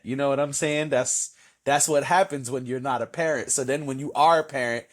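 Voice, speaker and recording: A man's voice: on the high side, brisk. A young adult man co-hosting a casual chat, acting out his own reactions as he talks. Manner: animated, acts out quoted reactions. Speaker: co-host.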